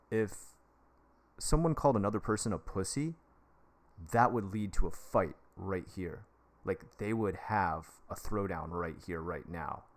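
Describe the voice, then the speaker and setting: Low-voiced guy on a livestream, rambling casual advice, keeps getting excited over donations. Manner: chatty, breaks off excitedly to thank donors. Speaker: livestream host giving advice. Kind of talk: casual live-stream advice chat.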